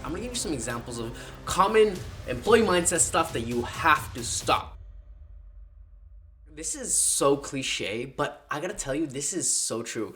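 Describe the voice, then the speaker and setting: A man telling a personal freelancing story in a casual, animated vlog style, slangy and dramatic in the retelling. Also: on the high side. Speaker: freelance marketing creator.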